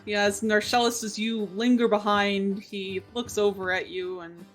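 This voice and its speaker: A woman narrating a tabletop game as game master, in a relaxed, hesitant way. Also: mid-range voice, moderate pace, faint music behind.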